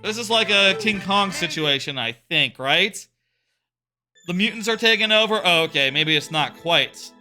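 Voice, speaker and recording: While playing a video game on a live stream, a man casually chats and responds to viewers' questions. His voice is high, animated, pushed, and bright at a normal speed, with soft music in the background.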